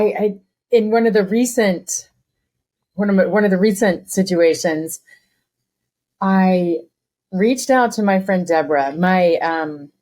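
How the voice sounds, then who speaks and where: Hesitant woman with a low voice. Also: darkish tone. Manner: hesitant, starts sentences over. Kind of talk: casual chat.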